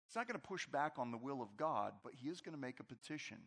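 A pastor preaching a conversational, animated sermon to his congregation in a large church. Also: medium pitch, quick pace. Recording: long hall reverb.

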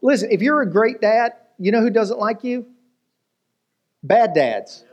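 Lively pastor, man, mid-high voice. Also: measured pace, dull audio. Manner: lively storytelling with jokes and rhetorical questions. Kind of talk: sermon.

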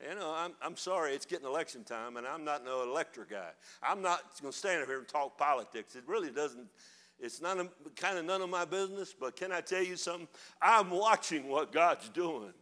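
An older man preaching with fire in a high, ringing voice. His delivery is bright and forceful, swinging from low, muttered asides to loud, shouted declarations. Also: lively intonation, a little fast. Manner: fiery, preaching with rising shouts. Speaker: pastor. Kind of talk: sermon.

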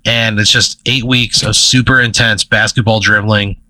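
A man's voice: on the low side, steady tone, normal speed, pushed and bright, no room sound. Male co-host, rambling comedic storyteller, full of "uh"s, laughs through his lines, dry sound. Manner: rambling storyteller, laughs mid-sentence, many fillers. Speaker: podcast co-host. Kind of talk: casual comedic chat.

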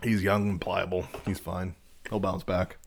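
Low-voiced man teasing in banter. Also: flat delivery, a little slow, vocal fry, a little hiss or hum. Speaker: co-host. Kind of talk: casual chat.

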